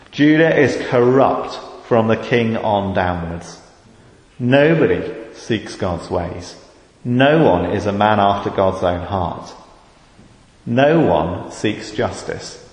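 A British man delivers a sermon at an unhurried, deliberate pace, lifting into fervent emphasis on key words. His voice rings through a big echoey hall with a long reverb tail. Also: fairly low pitch. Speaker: preacher.

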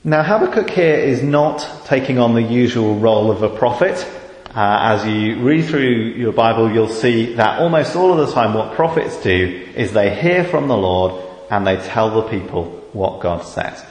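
A British man delivers a sermon at an unhurried, deliberate pace, lifting into fervent emphasis on key words. His voice rings through a big echoey hall with a long reverb tail. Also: mid-range voice, animated. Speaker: preacher.

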